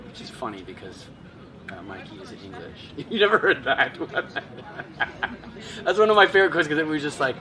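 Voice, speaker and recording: A man's voice: mid-range voice, moderate pace, far from the mic, a crowd in the background. A man, a voice actor, chatting casually, rambling and correcting himself as he talks. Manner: rambling, self-correcting, laughs often. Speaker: voice actor and channel host. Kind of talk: casual chat. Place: outdoors in a busy city spot.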